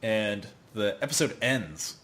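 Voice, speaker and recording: A man's voice: on the low side, animated, takes it slowly, fairly bright tone. Man laughing through an anime recap. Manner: rambling, laughing, acting out characters' lines. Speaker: podcast host. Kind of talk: casual chat recapping an anime episode.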